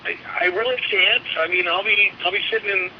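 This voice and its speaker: A man calling a radio show who talks very loudly and keeps escalating. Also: high voice, steady tone, a little fast. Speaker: caller. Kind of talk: phone-in call. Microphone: telephone. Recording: dull phone line with hiss.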